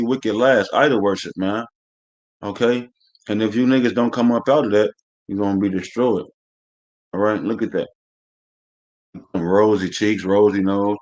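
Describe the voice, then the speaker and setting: This man has a lowish, slightly mellow voice. He leads a live-streamed scripture class, reading verses aloud and then commenting bluntly and coarsely, preaching, swearing freely and saying "man" constantly.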